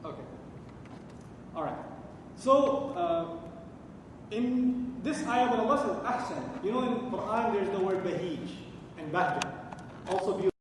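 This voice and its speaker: A man with a high voice teaches a religious lecture and keeps asking his audience questions before he answers them himself. He is caught from a distance, and his voice rings out with a long echo through a large hall. A faint hum runs underneath. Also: animated, unhurried, long pauses. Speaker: Quran teacher. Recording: echoey hall recording from far off.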